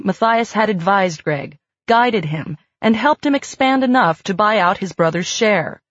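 A woman reading a novel aloud with a measured, even delivery. Her voice sits on the low side, and the recording is dry and slightly dull, without any room sound. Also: husky, no room sound. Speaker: audiobook narrator. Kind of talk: scripted narration.

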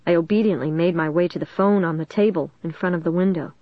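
A woman's voice: fairly low pitch, fast, no echo. A woman narrating a storybook in a tense, dramatic reading. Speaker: audiobook reader. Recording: dull dry recording.

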